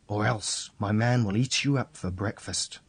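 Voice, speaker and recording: A man plays a giantess from a storybook, the ogre's anxious wife, shooing and fretful. The voice is husky and low. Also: unhurried. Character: big tall nervous giant's wife, woman.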